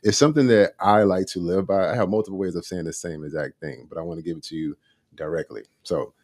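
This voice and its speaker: A man's voice: low voice, quick pace, darkish tone, no echo, clean studio sound. A man hosting a casual live talk show, laid-back and constantly checking in with "right?". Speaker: podcast host.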